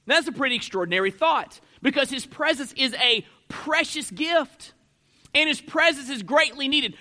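A man's voice: very high-pitched, bright, forceful tone. A pastor preaching an expository sermon, a man who leans hard on key words and lets his voice swell and drop for emphasis.

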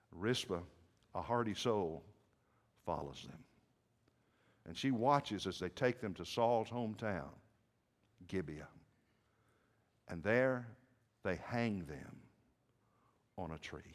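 Slow, dramatic preacher with a lively voice. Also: male voice, lowish voice. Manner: swings from hushed to shouting. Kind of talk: dramatic sermon storytelling. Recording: echoey hall with long reverb.

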